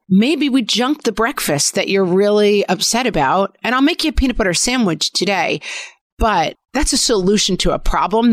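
A middle-aged woman co-hosting a podcast, chatting candidly about parenting and acting out her kids' lines in a relaxed, conversational way. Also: mid-range voice, no echo. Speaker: podcast co-host. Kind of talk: casual parenting chat.

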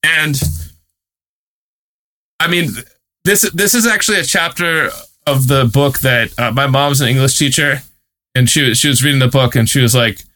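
A man tells a story in a loose, chatty way, full of fillers and quick amused laughs. His voice is bright and forceful, and he sits at a middle pitch. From United States. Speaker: guest reporter and author. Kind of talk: casual storytelling.

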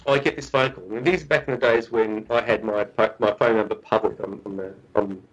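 A man, a guest researcher, telling a story in a chatty, animated way with frequent restarts. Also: lowish voice, fairly quick, lo-fi sound. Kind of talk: casual storytelling.

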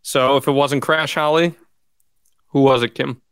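A man's voice: medium pitch, fairly even intonation, a little slow, a bit bright, clear, resonant tone, dry recording. A man co-hosting a podcast and running a true-or-false game, with upbeat, playful game-show patter on a studio mic. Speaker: podcast co-host and quiz master.

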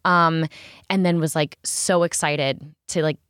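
A woman guest on a podcast, telling a story in a casual, animated way and acting out what others said. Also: low-pitched, a little slow, clean tone, no echo, clean studio sound. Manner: animated, quoting others in acted voices.

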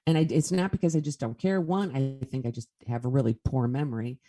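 A woman's voice: very deep voice, fairly quick, dark tone. A woman speaking as a guest medium in a casual interview, telling stories in an earnest way.

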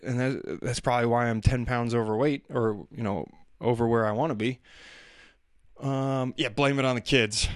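A man's voice: mid-range voice, no room sound, studio quality. A man telling rambling, self-deprecating stories about family life in a casual monologue. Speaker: father talking about daily life.

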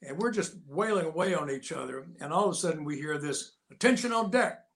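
Acting out the quotes of characters in his tale, an older man shares a lively anecdote as a guest in casual, conversational fashion. His voice is creaky and slightly high for a man, and he speaks quickly.

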